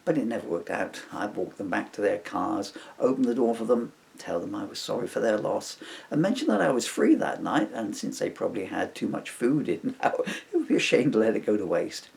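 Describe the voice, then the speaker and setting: A middle-aged man reading his own comic story aloud with wry, deadpan humour. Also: on the low side, fairly quick, vocal fry, hardly any pauses. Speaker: author reading his book.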